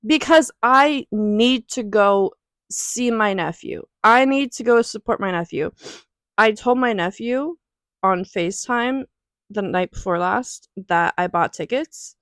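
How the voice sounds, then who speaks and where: A woman's voice: medium pitch, a little slow, a bit bright, no echo. A young woman talking in an emotional, rambling way in a personal vlog at home, near tears. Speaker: vlogger.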